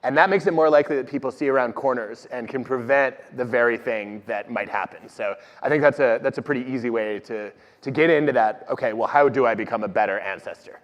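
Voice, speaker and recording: A man, an organizational psychologist, telling stories on stage in an animated, self-deprecating way. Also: medium pitch, fast, hardly any pauses. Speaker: organizational psychologist guest speaker. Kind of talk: conversational talk on stage. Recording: dull audio with long hall reverb.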